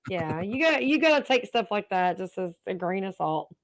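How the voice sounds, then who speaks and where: A woman's voice: mid-range voice, big pitch swings, moderate pace, no echo. A woman with a Southern US accent co-hosting a casual livestream chat, teasing and laughing often. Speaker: livestream co-host.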